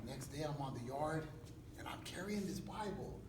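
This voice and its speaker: High-voiced cali pastor acting out his story with street slang, echoey hall, mic far off. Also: lively intonation, normal speed, noisy background. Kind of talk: dramatic personal testimony skit.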